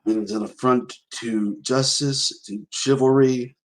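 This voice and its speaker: A man's voice: medium pitch, steady tone, a little slow, natural voice, low-quality recording. A man voicing an honor-bound young raccoon knight, the son of a noble house, speaking earnestly and formally.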